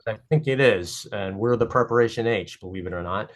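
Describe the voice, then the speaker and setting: Man, podcast guest, casual chat, playful storytelling, animated. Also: fairly quick. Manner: animated storyteller, playful, rising into high excited bursts. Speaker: guest cartoon creator.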